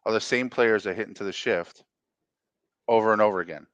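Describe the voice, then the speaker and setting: A man's voice: lowish voice, a little fast, fairly bright tone, dry recording, muffled recording. A man co-hosting a casual sports podcast, arguing his point and repeating it insistently. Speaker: podcast co-host.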